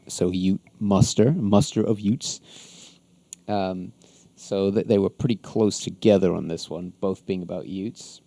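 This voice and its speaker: A man's voice: fairly low pitch, gravelly, mellow, no room sound. A man hosting a podcast, recapping an episode in a casual, rambling way with many ums and frequent chuckles. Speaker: podcast host.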